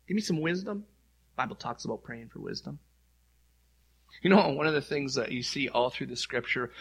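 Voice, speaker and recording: A man's voice: medium pitch, bright, forceful tone. A middle-aged male pastor preaching in an earnest, conversational way, acting out heartfelt prayers aloud. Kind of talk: sermon.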